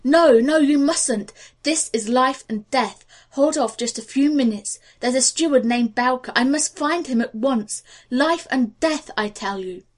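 A woman's voice: a little high, normal speed, few pauses, natural voice. A woman reading the lines of a determined young man, pleading and insistent in an audiobook. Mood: urgent.

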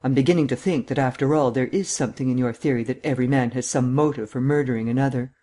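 A brusque, short-tempered district attorney with little patience for games, as a male reader puts him on. He speaks in a plain, middle-pitched voice, clipped and sour. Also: fast, dark tone, natural voice. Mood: irritated. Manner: curt and irritable. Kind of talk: audiobook reading.

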